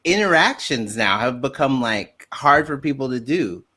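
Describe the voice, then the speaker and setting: American woman co-host, animated, laughs through her lines, voice leaps up high when she's worked up. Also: normal speed. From United States. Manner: animated, laughing, big pitch jumps. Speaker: comedian co-host. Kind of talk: casual comedic panel chat.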